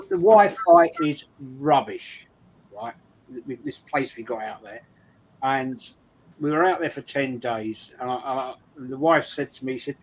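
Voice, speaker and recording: An older man on a casual live stream, telling a story in an animated way and acting out what others said. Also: mid-range voice, slight background noise, rough recording. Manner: animated, acts out quotes, repeats words. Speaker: guest on fan stream.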